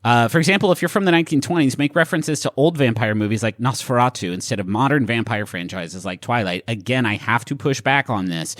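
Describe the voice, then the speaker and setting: A man's voice: medium pitch, fast, few pauses, a bit bright, no room sound, clean studio sound. A man co-hosting a comedy podcast, reading out an article and riffing on it with frequent swearing. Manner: reads aloud from an article and riffs on it, swears freely. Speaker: podcast co-host. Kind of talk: comedic casual chat.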